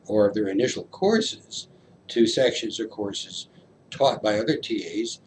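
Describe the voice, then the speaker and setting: A man's voice: lowish voice, measured pace, slight background noise, low-quality recording. A man being interviewed as a researcher, explaining findings carefully with some restarts.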